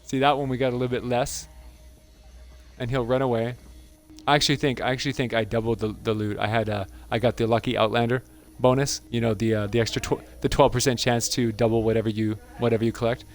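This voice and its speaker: A man's voice: medium pitch, flat delivery, fast talker, darkish tone. A man hosting a gaming channel, giving casual gameplay commentary in an amused, chatty way and laughing often.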